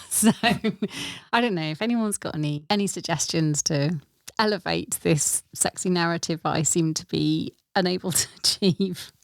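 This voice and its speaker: A woman's voice: lowish voice, dry recording, clean studio sound. A woman co-hosting a podcast, chatting casually with a giggly, self-deprecating manner. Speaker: podcast co-host. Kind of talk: casual chat.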